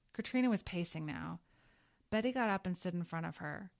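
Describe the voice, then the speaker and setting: A woman narrating a story calmly and evenly, close to the mic. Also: lowish voice, a little fast, gravelly, no room sound. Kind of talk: scripted audiobook narration.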